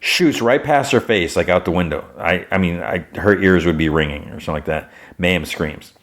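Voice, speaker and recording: A man's voice: deep voice, a little fast, a bit bright. A man hosting a podcast, casually retelling a show's plot in a rambling way, with lots of fillers and restarts. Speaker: podcast host.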